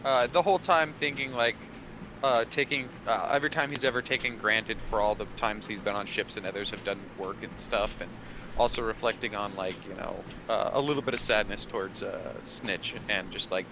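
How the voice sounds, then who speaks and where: A man playing a tabletop game, chatting casually and hesitantly while he thinks out loud. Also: fairly low pitch, fairly even intonation, brisk, background noise. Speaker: player.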